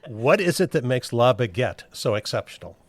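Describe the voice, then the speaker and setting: A man's voice: medium pitch, big pitch swings, normal speed. A man hosting a local podcast, reading a scripted intro and sponsor spot with dry humor before interviewing his guest. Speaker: podcast host.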